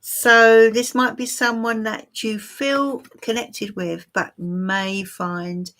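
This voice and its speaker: A woman's voice: a little high, steady tone, slow, fairly bright tone. A woman giving a live-stream tarot reading for viewers, musing and hesitant with many fillers. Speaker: tarot reader.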